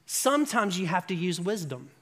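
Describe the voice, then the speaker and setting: A preacher telling an animated anecdote in a sermon, often checking in with the audience with "right?". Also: medium pitch, normal speed, in a large hall. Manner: animated storyteller, rising to emphatic peaks. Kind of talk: sermon storytelling.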